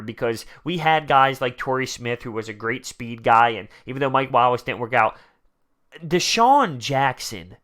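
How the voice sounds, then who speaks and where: A man giving excited, emphatic fan commentary on his own sports channel, often repeating lines for effect. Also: fairly high pitch. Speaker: sports vlogger.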